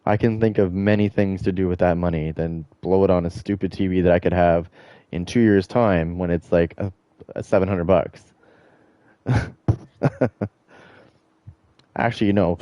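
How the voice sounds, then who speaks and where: Profane, rambling gaming streamer, low voice. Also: male voice, fairly even intonation, normal speed, long pauses, warm tone, clean tone, dry recording, muffled recording. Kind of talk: casual rant while streaming.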